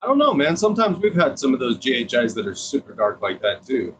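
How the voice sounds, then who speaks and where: A man's voice: medium pitch, sing-song, a little hiss or hum, poor audio. A man co-hosting a casual livestream, joking and teasing. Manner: joking, teasing, slow drawl.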